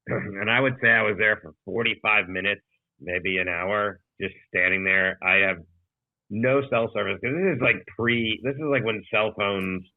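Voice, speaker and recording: A man's voice: fairly low pitch, a little slow, no room sound. Man telling a story over a tinny call. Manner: profane, rambling anecdote with acted quotes. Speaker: comedian podcast co-host. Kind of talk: casual storytelling. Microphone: video call. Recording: dry tinny video call audio.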